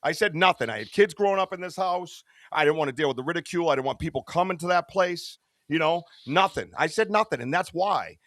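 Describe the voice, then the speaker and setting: A man's voice: a little high, expressive, fast talker, few pauses, a bit bright, dry recording, clean studio sound. A middle-aged man in a casual podcast chat, rambling and earnest, tossing in bro and dude. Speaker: podcast guest, Bigfoot researcher.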